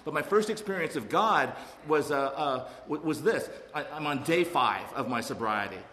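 Telling an audience about his recovery, this middle-aged Alabama man sounds a little high, expressive, bright, and forceful at a normal speed. His earnest talk is full of restarts and acted-out voices, recorded in an echoey hall with long reverb and faint noise.

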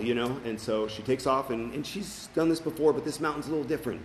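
A man's voice: mid-range voice, fairly even intonation, quick pace, a little hiss or hum, rough recording. A middle-aged man sharing his recovery story as personal testimony at a meeting, earnest and full of fillers and restarts.

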